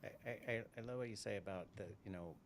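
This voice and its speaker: A man's voice: on the low side, fast, a little hiss or hum. A middle-aged man hosting a live interview, chatting casually and telling stories, often repeating words as he goes. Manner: rambling, repeats words, storytelling. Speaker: podcast host.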